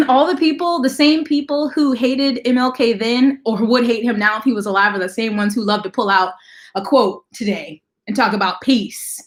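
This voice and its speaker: A woman hosting a casual livestream, talking fast and chatting with viewers as she greets them. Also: on the high side, fairly even intonation. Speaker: livestream host.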